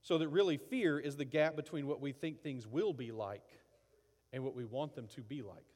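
A middle-aged man preaching in a relaxed, conversational way, with long reverb from a large hall. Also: mid-range voice, normal speed. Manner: conversational, acts out angry outbursts. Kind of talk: sermon.

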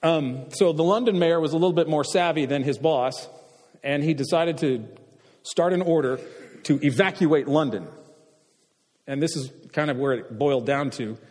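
A man's voice: a little high, a little mellow, long reverb tail. A man giving a classroom lecture, quizzing the audience as he goes. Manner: asks the audience questions, halting with fillers and restarts.

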